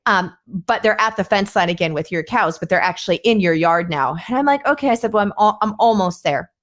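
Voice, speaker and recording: Animated woman telling a farm story. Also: fairly quick. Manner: animated, acts out quoted voices with rising pitch. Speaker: podcast host. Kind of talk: casual conversational storytelling.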